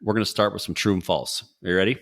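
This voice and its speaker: A middle-aged man hosting a podcast in a casual, upbeat and jokey way, firing off quick quiz questions. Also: low voice, gravelly, a bit bright. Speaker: podcast host. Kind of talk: casual interview talk.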